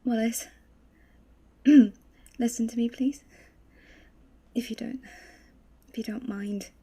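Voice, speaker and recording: A woman voicing a shaken young woman adventurer, speaking softly and haltingly with a husky voice. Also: a little high, steady tone, full character voice. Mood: tender. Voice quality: husky, gravelly. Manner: gentle, halting, soft-spoken.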